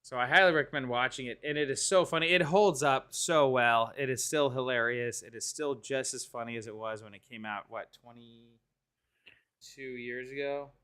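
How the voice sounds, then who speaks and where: A man co-hosting a casual movie talk show, telling scenes with lively impressions. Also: mid-range voice, fairly quick, hardly any pauses, clean tone. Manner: animated, bursts into exaggerated impressions while retelling scenes. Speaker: co-host. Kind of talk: casual chat.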